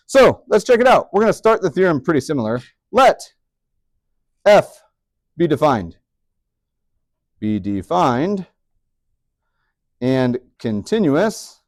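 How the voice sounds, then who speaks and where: A man teaching a high school math class, chatty and upbeat, with joking asides to his students. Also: no room sound, clean studio sound. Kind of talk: classroom lecture.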